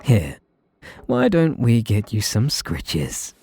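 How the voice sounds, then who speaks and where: A man with a British accent playing a possessive, sweetly menacing young male mage in an ASMR role-play, talking in a soft, teasing, condescending way. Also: fairly low pitch, sing-song, takes it slowly, breathy edge, full character voice. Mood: soothing.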